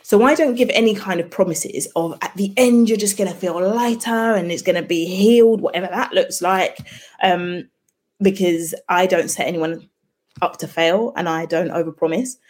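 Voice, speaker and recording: A woman with a low, slightly husky voice speaks as a guest on an interview podcast. She is a midwife who explains her work reflectively, often slipping into little acted-out exchanges to make a point. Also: normal speed, darkish tone. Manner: reflective, explains by acting out example dialogues. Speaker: midwife and birth debrief facilitator, podcast guest. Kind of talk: conversational interview.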